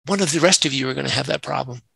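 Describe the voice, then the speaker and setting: A nonprofit CEO tells workplace stories in a conversational interview, speaking earnestly and acting out quoted dialogue. His mid-range voice is rapid-fire, creaky, husky and sharp in tone. The recording is dry and the audio quality poor.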